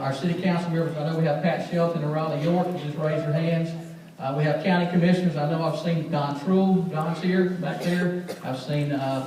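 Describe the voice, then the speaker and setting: A man's voice: fairly high pitch, darkish tone. A man leading a school system, giving a rambling welcome speech at a school assembly with many restarts and thanks. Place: school assembly hall, indoors. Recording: echoey hall from far off.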